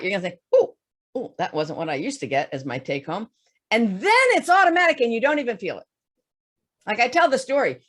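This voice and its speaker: A woman financial advisor giving a webinar talk, explaining investing with lively stories and everyday examples. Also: a little high. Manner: animated storytelling with folksy examples.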